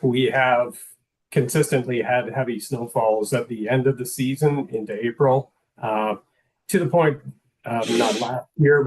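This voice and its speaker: A man's voice: medium pitch, poor audio. Man giving staff report. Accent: Canadian. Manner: formal, steady, with uhs. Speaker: public works staff. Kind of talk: council meeting briefing.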